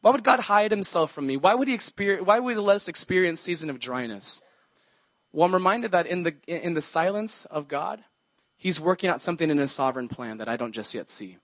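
A young male pastor preaches in an earnest, conversational manner and weaves scripture quotes into his talk. His voice sits a little high for a man, and the recording is dry and close. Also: lively intonation, fairly quick, fairly bright tone, dry recording. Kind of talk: sermon.

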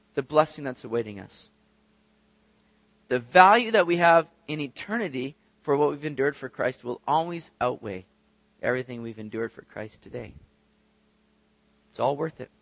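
A man preaching a sermon, reading scripture and explaining it, acting out little scenes in lively raised voices. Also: on the high side, vocal fry, no echo. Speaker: pastor. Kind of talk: expository sermon.

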